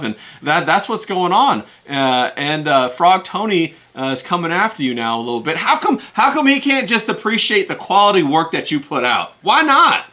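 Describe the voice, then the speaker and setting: A man hosting a podcast in casual chat, animated and quick to swear. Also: fairly high pitch. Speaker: podcast host.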